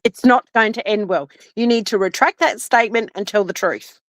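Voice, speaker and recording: A woman's voice: medium pitch, moderate pace, dry recording. A woman, furious and swearing nonstop in a livestream rant, shaking with anger. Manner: furious, swearing constantly, repeating demands. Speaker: live streamer.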